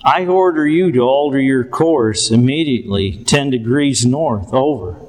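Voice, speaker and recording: A man voicing a young male sailor who answers calmly, respectfully and firmly, with slow, even phrasing. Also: fairly high pitch, big-room sound, low-quality recording. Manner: calm, respectful, firm.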